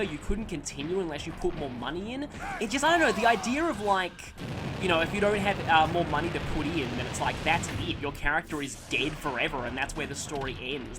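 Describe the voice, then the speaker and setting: A man's voice: a little high, noisy background. A man casually commenting on a video game he is playing, telling a rambling, self-deprecating childhood story and breaking off to react to the action. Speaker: gaming channel host. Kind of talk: let's play commentary with storytelling. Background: game music.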